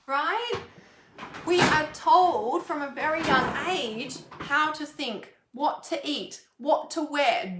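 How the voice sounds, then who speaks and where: A woman's voice: sits high, background noise. A woman and parenting coach talking frankly and casually to camera, rambling and swearing freely. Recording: roomy echo.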